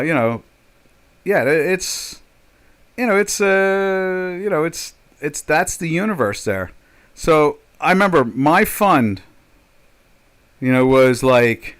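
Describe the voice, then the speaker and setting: A man's voice: medium pitch, a bit bright. An older man chatting casually as a trader on a live stream, rambling and joking, with many fillers and restarts. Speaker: trader hosting a live chat.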